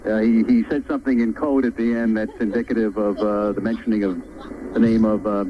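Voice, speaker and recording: Brisk male sportscaster on a muffled broadcast. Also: on the low side, flat delivery. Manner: brisk, clarifying. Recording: muffled, noisy broadcast recording.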